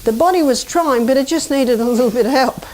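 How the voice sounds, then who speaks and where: A woman's voice: high-pitched, brisk, a little mellow. A middle-aged woman giving a chatty, anecdotal health lecture to a live audience and asking them questions. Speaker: health presenter.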